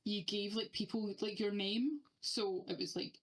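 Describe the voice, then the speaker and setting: A woman's voice: medium pitch, steady tone, unhurried, low-quality recording. A woman in her thirties co-hosting a podcast, telling stories animatedly and swearing freely in casual chat. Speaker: podcast co-host.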